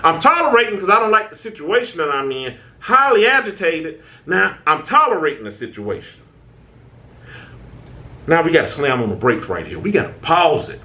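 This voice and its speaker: Casting: man, high and lively voice, casual preachy self-help talk, restarts and tag questions. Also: normal speed. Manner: animated, preachy, conversational with repeated "right?"; informal American speech, stammering restarts. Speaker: channel host.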